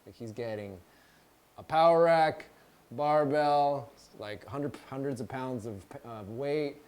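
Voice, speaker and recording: A man's voice: medium pitch, slow, darkish tone. A young man co-hosting a podcast, chatting casually in bursts with many fillers. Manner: laid-back, talks in bursts with many fillers. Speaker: podcast co-host. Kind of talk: casual chat.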